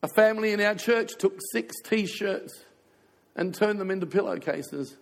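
Older pastor, gravelly, echoing hall. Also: male voice, high-pitched, unhurried. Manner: emotional, heartfelt storytelling, fighting back tears. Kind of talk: sermon.

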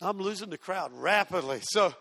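A male preacher telling a story in his sermon, animated and self-mocking, acting out the voices of the people in it. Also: high-pitched, normal speed, creaky, big-room sound.

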